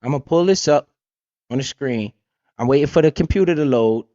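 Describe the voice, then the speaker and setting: A man's voice: medium pitch, a little fast, warm tone, no echo, lo-fi sound. A man hosting a casual livestream, talking bluntly with lots of swearing and keeps asking "right?". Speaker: livestream host and crypto investor.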